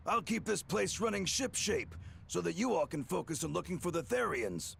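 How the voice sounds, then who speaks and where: An actor playing a gruff, boastful male lizard-man navigator in a game, with a gravelly, blustering voice. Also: high-pitched, big pitch swings, normal speed, fairly bright tone, a little hiss or hum, heavily acted. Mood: musing. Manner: defensive and blustering. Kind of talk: game voice acting.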